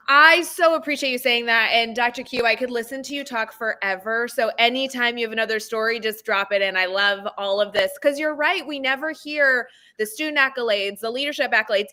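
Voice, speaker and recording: A woman's voice: on the high side, pushed and bright. A woman education podcaster in a casual panel chat, bubbly and chatty. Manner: bubbly, fast-talking, chatty. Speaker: education podcaster and course creator.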